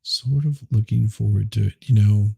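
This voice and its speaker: A man's voice: on the low side, moderate pace, creaky, mellow, breathy edge, dry recording, studio quality. A man hosting a live stream, rambling casually and chuckling as he reads chat. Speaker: livestream host.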